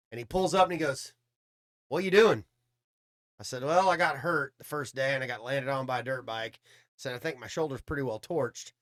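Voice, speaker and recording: A man casually telling a long story, cursing freely and acting out what people said. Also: medium pitch. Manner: swearing, animated storytelling with quoted dialogue. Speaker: podcast guest storyteller.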